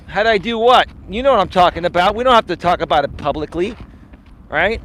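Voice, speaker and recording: A man with a high-pitched voice hosts a casual live stream outdoors in a built-up area, with passing traffic heard behind him. He talks in a boastful, teasing way and swears casually. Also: expressive, brisk, a bit bright. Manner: boastful, teasing, laughs at his own jokes. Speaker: life coach hosting a live stream.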